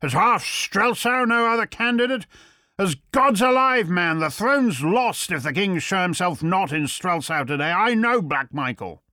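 Guy voicing a gruff old soldier in an audiobook, loud, bossy, lots of swearing, dry close sound. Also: high-pitched, expressive, unhurried, dry recording, voice pushed up, exaggerated voice. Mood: fierce. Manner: forceful, swearing, commanding. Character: gruff grizzled old male soldier, fierce and blunt. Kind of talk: audiobook character reading.

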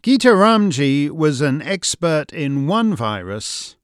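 Lively, wry male commentary host. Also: fairly high pitch, slow pace, clear, resonant tone, no room sound, clean studio sound. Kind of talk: scripted commentary.

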